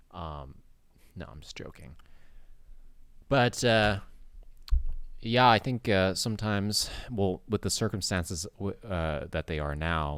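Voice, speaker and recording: A man vlogger talking in a casual, rambling monologue with many hesitations. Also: a bass voice.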